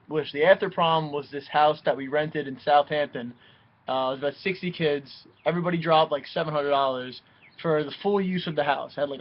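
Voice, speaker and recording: A young man tells a wild personal story in a casual, animated way, cursing freely and slipping into voices for the people he quotes. His voice sits a bit high for a man. The recording sounds dull and lo-fi.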